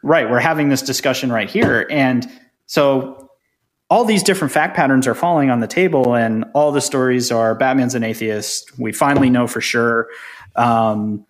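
Chatty man explaining with a chuckle. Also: medium pitch. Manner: explanatory, brisk, chuckles often. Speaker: podcast co-host. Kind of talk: casual chat.

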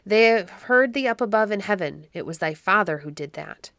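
A woman reading the lines of a gruff, loyal male servant, rough-spoken but kind to a child. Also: medium pitch, lively intonation, moderate pace, a bit bright, no room sound. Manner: gruff, blunt.

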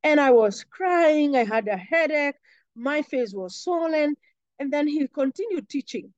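A young woman from Kenya speaks in a high, voice as she earnestly recounts a painful memory. The sound is dry, with no room echo. The recording is dull and slightly lo-fi. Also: lively intonation, measured pace, a little mellow. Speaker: interview guest. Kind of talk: personal storytelling.

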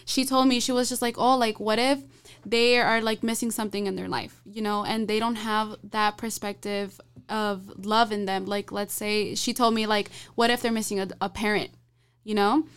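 Young woman, casual faith chat, hesitant, giggly, lots of fillers, clear smooth tone. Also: mid-range voice, fairly even intonation, normal speed.

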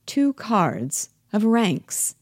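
A woman reading the part of Torvald Helmer, a genteel and condescending husband in a classic stage play, in a brisk, fussy manner. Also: medium pitch, very animated, darkish tone, no echo, clean studio sound, voice pushed up, heavily acted. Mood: puzzled.

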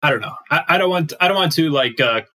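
Bright-voiced guy, hesitant casual chat, keeps trailing off. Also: a little high, lively intonation, fast talker, no room sound. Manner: hesitant, trails off, "I don't know".

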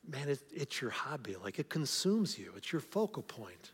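A man's voice: medium pitch, big pitch swings, moderate pace, few pauses, a bit bright, breathy edge. A man preaching a sermon as pastor, talking in a conversational way and often repeating words as he starts a phrase. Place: church sanctuary. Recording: long hall reverb.

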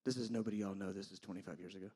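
A man pastor preaching a sermon, moving from loud, impassioned appeals to quiet, intimate asides. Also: low voice, fairly even intonation, very fast, breathy edge.

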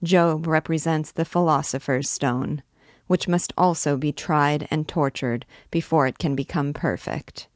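Lady putting on a grave old churchman, hushed and deep, quiet. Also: unhurried, no room sound, studio quality. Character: grave, brooding older male archdeacon.

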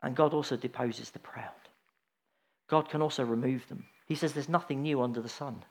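A middle-aged preacher with a mid-range voice and moderate pace gives an informal sermon. He's chatty and anecdotal, often restarting sentences and wandering into asides.

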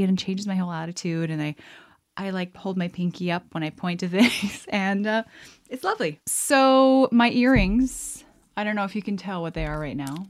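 A woman's voice: medium pitch, no room sound, studio quality. A woman hosting a podcast, chatting casually in a bubbly, giggly, rambling way. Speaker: podcast host. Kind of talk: casual chat.

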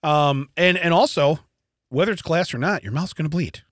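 A man's voice: a little high, normal speed, fairly bright tone, no echo, studio quality. A man co-hosting a podcast, telling a story in casual chat, acting out quotes and laughing often. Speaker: podcast co-host. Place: podcast studio.

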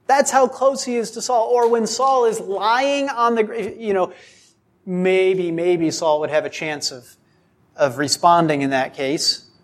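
A male preacher delivers a sermon at an unhurried, deliberate pace. He speaks in a fairly high voice and keeps asking the listeners rhetorical questions. He often slips briefly into the voices of the people he quotes.

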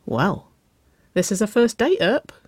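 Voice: medium pitch, very animated, measured pace, a little mellow, slightly rough, dry recording, studio quality, pitched above the performer's own voice. A storyteller voicing a confident young woman on a first date, who grins and teases playfully. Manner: grinning, playful teasing, flustered at times.

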